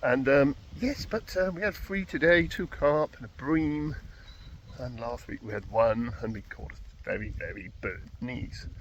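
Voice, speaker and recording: A man's voice: mid-range voice, measured pace, muffled recording, slight background noise. A man vlogging a fishing session outdoors at a pool, in a chatty, rambling, easygoing way. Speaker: angler vlogger. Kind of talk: casual fishing vlog.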